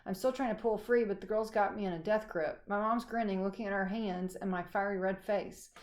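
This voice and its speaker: A woman teacher reading a chapter book aloud to her class, unhurried and friendly. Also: mid-range voice, steady tone, a little mellow.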